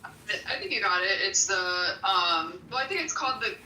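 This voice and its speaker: A woman's voice: medium pitch, very animated, a little fast, pushed and bright, a little hiss or hum. A woman in a casual group chat who speaks tentatively and thinks aloud as she goes. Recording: roomy, distant mic.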